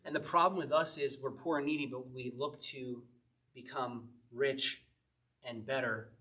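Pitched in the middle range, this man's voice sounds pushed and bright, with fairly even intonation and an unhurried pace. As pastor of an evening Bible study, he reads psalms aloud and explains them casually, laughing a lot along the way.

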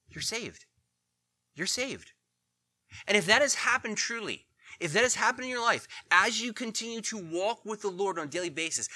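Male preacher, emphatic and repetitive, slightly high and very bright, forceful delivery. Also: no room sound. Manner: emphatic, repeats key lines for stress. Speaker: pastor. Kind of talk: sermon.

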